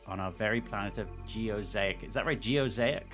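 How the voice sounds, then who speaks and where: A man's voice: fairly low pitch, normal speed, a bit bright. A man, a game developer, chatting casually on a stream and reading a game's story aloud with playful asides. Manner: rambling with fillers, playful asides. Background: game music.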